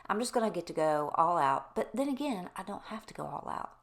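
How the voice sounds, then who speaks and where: A middle-aged woman with a somewhat low voice talks straight to her viewers as if to a friend. Her chat is candid and loose, and she drifts happily from one tangent to the next. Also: lively intonation, fairly quick, creaky. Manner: rambling, wanders off on tangents; candid and conversational, addresses viewers directly. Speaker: home cleaning vlogger. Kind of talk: casual chatty voice-over.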